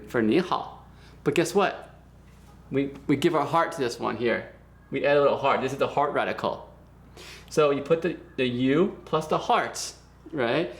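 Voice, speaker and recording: A man teaching a beginner language lesson in a relaxed, chatty way, repeating words slowly for practice. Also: medium pitch. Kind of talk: casual spoken lesson.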